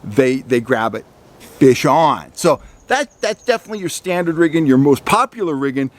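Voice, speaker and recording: A middle-aged man explains fishing baits in a relaxed, folksy way, as if talking straight to the camera. His voice sits a little higher than most men's. He often repeats a word while he gathers his thoughts. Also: normal speed. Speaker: fishing channel host. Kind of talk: instructional talk to camera.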